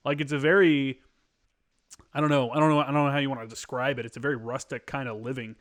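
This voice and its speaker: Male podcast host, mid-pitched. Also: flat delivery, fast, a bit bright. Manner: loose, many fillers, thinks aloud. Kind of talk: casual conversation.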